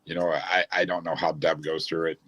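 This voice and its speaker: Low-voiced man telling racing stories. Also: flat delivery, fairly quick, a bit bright, slightly rough, poor audio. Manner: rambling, with restarts. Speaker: former speedway owner. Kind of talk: storytelling in a casual chat.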